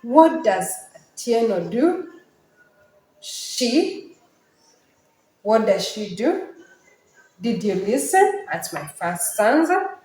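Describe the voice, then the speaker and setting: Slow, emphatic woman teaching poetry. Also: fairly high pitch, big pitch swings, a little mellow, echoey room, poor audio. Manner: emphatic, questioning, slow and deliberate. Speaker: literature teacher. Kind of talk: recorded poetry lesson.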